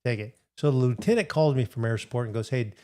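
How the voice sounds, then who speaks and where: A man's voice: mid-range voice, quick pace, a little mellow. Middle-aged guy on a livestream, rambling story, chatting with viewers. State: recovering from hip replacement. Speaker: livestream host. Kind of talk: casual livestream chat.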